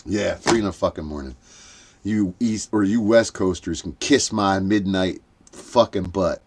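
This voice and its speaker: A man's voice: low-pitched, a little slow, background noise. An older man hosting a late-night livestream, rambling, swearing and cackling at his own jokes, punch-drunk from lack of sleep. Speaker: livestream host.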